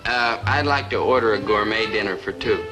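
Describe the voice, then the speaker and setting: An actor playing an eager, lovestruck young student who talks in earnest, florid romantic phrases. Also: male voice, on the low side, normal speed, lightly acted, rough recording. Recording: old TV soundtrack with music.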